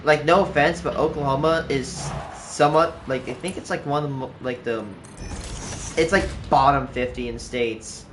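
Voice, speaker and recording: Over background noise and clear background music, a man with a mid-range voice chats at a moderate pace while playing a game on stream. He rambles casually, with plenty of "like" and frequent restarts.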